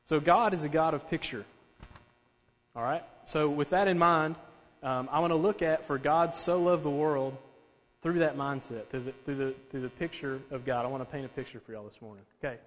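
A man's voice: a little high, moderate pace, a little hiss or hum. A man preaching a conversational sermon who keeps checking in with his listeners by asking "okay?". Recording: long hall reverb.

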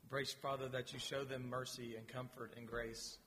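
A man leading his church in announcements and a spoken prayer, gentle and pausing, with repeated words. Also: mid-range voice, flat delivery, slight background noise. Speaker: pastor. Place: church sanctuary. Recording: long reverb of a large hall.

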